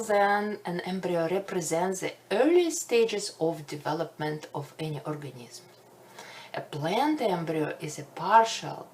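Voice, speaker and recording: Slow-speaking woman with a Russian accent. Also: medium pitch, a little hiss or hum. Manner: slow, careful explanatory delivery with light self-deprecating humor. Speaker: botany instructor. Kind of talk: recorded online lecture.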